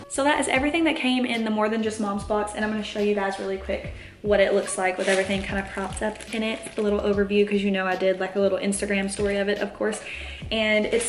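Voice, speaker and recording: A young mom vlogs at home indoors, chatting candidly to the camera in a casual way, a bit tired and laughing often. Her mid-range voice is recorded on the camera mic and sounds roomy.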